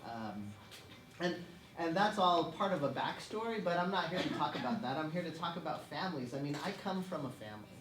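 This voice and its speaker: A man's voice: fairly high pitch, sing-song, fairly quick. Brief: young man, easygoing speaker, laughs as he tells stories, recorded from afar in an echoey church hall. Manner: chatty, self-deprecating, laughing often. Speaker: guest speaker at a parish event. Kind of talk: conversational talk with humorous anecdotes. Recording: echoey room, distant mic, background noise.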